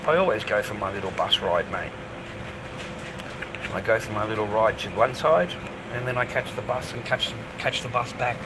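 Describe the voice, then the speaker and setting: With a fairly low, animated voice at a moderate pace, this Australian vlogger rambles casually on a noisy city street as traffic passes. He speaks bluntly and profanely and calls the listener "mate" repeatedly.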